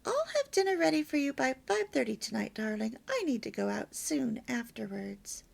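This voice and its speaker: A woman's voice: fairly high pitch, animated, measured pace, gravelly, husky, exaggerated voice. A woman doing a sweet coaxing wife. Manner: gentle, coaxing, affectionate. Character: sweet, affectionate young wife speaking gently.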